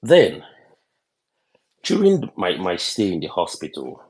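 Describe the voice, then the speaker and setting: A man's voice: low-pitched, wildly swooping pitch, slow, a little mellow. A man with a Nigerian accent tells a personal story in an online audio chat room. He talks earnestly, repeats himself and asks rhetorical questions. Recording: online audio room over a phone mic.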